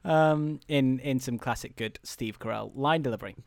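A man co-hosting a podcast, casually recapping a movie in a rambling, animated way with impressions. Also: mid-range voice, moderate pace, gravelly, no echo. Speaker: podcast co-host.

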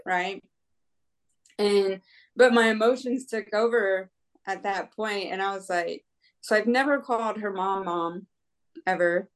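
An American ultra-runner, appearing as a guest, tells the story of a long race in relaxed, unhurried conversation at an ordinary middle pitch. She laughs often, sprinkles in fillers like "like" and "right?", and acts out her own inner voice as she goes.

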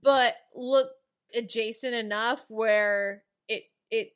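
A young woman co-hosting a podcast, recapping a TV episode in a relaxed, hesitant way with many fillers. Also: a little high, takes it slowly, smooth. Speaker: podcast co-host. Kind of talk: casual chat recapping a TV episode.

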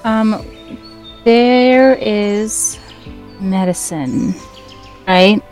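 A woman plays a tabletop game, talking casually as she coordinates her group's actions. Her pitch sits in a middle range. Faint music plays in the background. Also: extremely slow, darkish tone, low-quality recording. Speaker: player.

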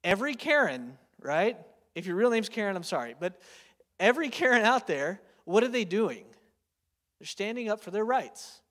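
Preacher in his thirties, high voice, casual storytelling sermon, long hall reverb. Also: very animated, moderate pace, a bit bright. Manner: chatty, storytelling, lots of filler words and tag questions.

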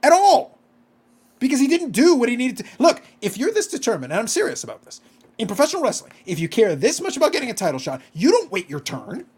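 A man's voice: extremely high pitch, huge pitch swings, quick pace, darkish tone, husky. A man co-hosting a casual podcast chat, ranting with profanity and disbelief. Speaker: podcast co-host.

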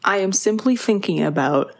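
A woman's voice: mid-range voice, lively intonation, normal speed. A young woman co-hosting a casual podcast chat, giggling, swearing now and then. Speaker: podcast co-host.

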